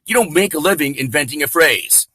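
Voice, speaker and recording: A man doing a skeptic who needles and nitpicks with sarcasm. The voice is on the high side for a man and sounds bright and sharp. It is close and dry. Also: lively intonation, fairly quick, slightly rough, dry recording, full character voice. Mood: needling. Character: needling, skeptical male questioner.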